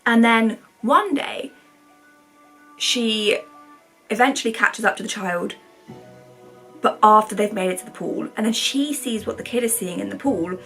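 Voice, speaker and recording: A woman's voice: mid-range voice, unhurried, gravelly, pauses often, sharp tone, faint music behind. A woman in her twenties, a vlogger, rambling through casual commentary in a chatty, sarcastic way. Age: 20s.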